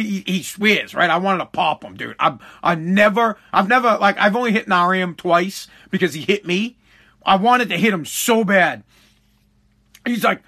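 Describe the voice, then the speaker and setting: A man with a high, bright, ringing voice tells a story as a podcast host and father. He swears freely, restarts his sentences and repeats words as he gets worked up. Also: lively intonation, normal speed. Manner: profane, heated, repeats and restarts often. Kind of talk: casual storytelling monologue.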